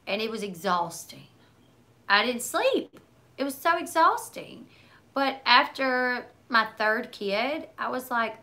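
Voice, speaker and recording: A woman's voice: a little high, lively intonation, a little slow, pushed and bright. A woman in her thirties hosting a casual livestream, chatting with viewers and answering their comments in a loose, rambling way full of likes and asides. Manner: chatty, talks in run-on asides with many likes. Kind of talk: casual chat.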